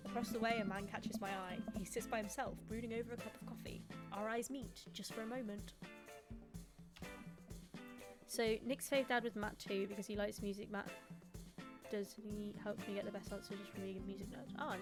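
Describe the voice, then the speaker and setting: A woman's voice: medium pitch, fairly even intonation, fairly quick. A young woman streaming a dating game, reading it aloud playfully with giggly commentary. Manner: playful, giggly, voices the characters. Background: background music.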